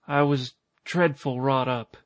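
Man reading as frail old village woman, dying, slow strained country talk, feeble, dry close sound. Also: mid-range voice, fairly even intonation, no echo, lightly acted. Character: dying elderly village woman, stubborn and pious.

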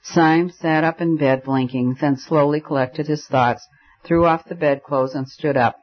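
A man narrating an audiobook in a measured, even storytelling manner. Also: on the high side. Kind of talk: scripted narration. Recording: dull lo-fi recording.

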